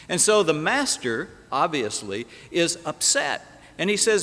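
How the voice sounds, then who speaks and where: A fairly high, sharp-toned, sing-song voice belongs to a pastor speaking a little slowly. His sermon, recorded in a reverberant church sanctuary, tells the story dramatically and includes rhetorical questions.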